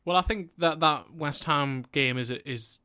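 A man co-hosting a casual football chat, measured and thoughtful. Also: a little high, pushed and bright, smooth. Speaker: podcast co-host, football writer.

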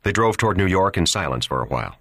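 Reading an audiobook at a quick pace, this man has an extremely deep, low voice and keeps his delivery steady and even. The sound is close and dry, free of any room echo.

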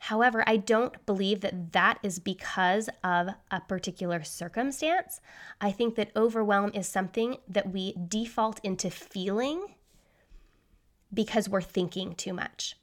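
Woman in her thirties, podcast host, solo monologue, talks fast, mid-range voice. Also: mid-range voice. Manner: fast-talking, says so herself.

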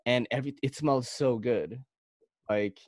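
A man's voice: medium pitch, measured pace, darkish tone, no room sound, clean studio sound. A man from the Philippines hosting a casual knife podcast, telling stories in a rambling way with lots of fillers and restarts. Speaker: podcast host.

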